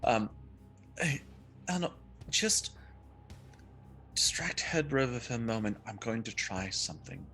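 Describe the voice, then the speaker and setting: A man's voice: medium pitch, big pitch swings, a little slow, pauses often, pushed and bright, faint music behind. A man playing a tabletop game, rambling with many fillers and laughs. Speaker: player.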